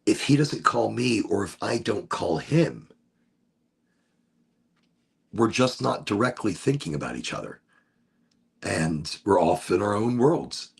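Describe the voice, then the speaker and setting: Rambling raspy low-voiced man. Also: big pitch swings, measured pace, long pauses. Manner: profane, rambling, philosophizing. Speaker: podcast host. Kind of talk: rambling casual monologue.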